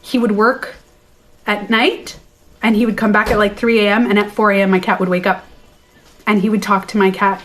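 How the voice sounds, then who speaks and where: A woman coach telling a personal story on a livestream, animated and chatty, blunt and now and then profane, into a phone mic. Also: mid-range voice, normal speed, a little hiss or hum. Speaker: beauty and life coach.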